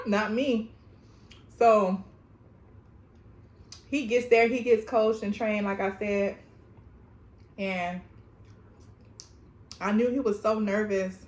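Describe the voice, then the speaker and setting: A young woman vlogger telling a story in casual slang while eating, animated and often laughing. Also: mid-range voice. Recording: echoey room.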